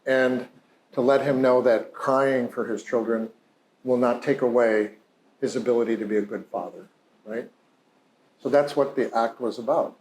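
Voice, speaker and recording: A man's voice: mid-range voice, fairly even intonation, normal speed, darkish tone, slight background noise. A male psychologist telling a patient's story in a conversational, heartfelt lecture, full of "you know" and "like". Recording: roomy echo.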